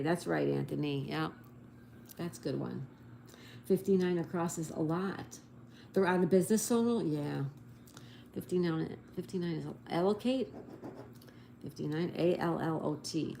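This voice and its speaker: A woman's voice: fairly low pitch, vocal fry, warm tone, slight background noise. A woman hosting a casual livestream, chatting with viewers and spelling answers letter by letter, recorded on a phone at home. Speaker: livestream host.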